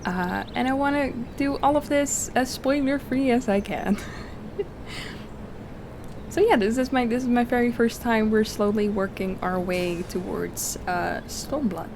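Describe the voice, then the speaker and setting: A woman's voice: a little high, a little slow, noisy background. A woman streamer chatting casually to her viewers while she plays and reads the game's dialogue aloud, laughing easily. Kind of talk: casual gameplay commentary. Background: game music.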